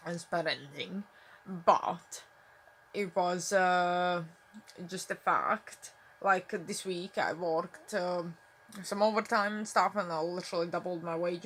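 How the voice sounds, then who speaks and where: A young woman talks to her phone camera at home in a lowish, mumbly voice. She rambles loosely through her thoughts, full of fillers. A faint hum of room ambience sits behind her. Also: fairly bright tone. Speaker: vlogger. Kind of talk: casual talk to camera. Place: at home, indoors.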